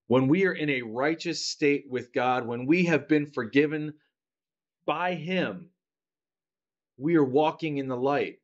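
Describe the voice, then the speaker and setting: Man preaching a relaxed sermon, lo-fi. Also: medium pitch. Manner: conversational, asks the congregation "right?" often; acts out children's grudging apologies. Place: church.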